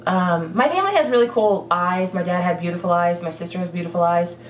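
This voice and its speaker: A woman's voice: on the low side, fast, a little hiss or hum. Young woman, casual chat, rambling, giggly, roomy echo, mic a few feet away. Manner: chatty, rambling, giggly, lots of fillers. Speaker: fitness vlogger. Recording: echoey room, mic at a distance.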